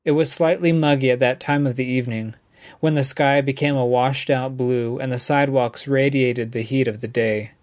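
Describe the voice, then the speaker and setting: Reading a novel aloud for an audiobook, a man narrates from a script in an even, measured storytelling style, with a voice of medium pitch.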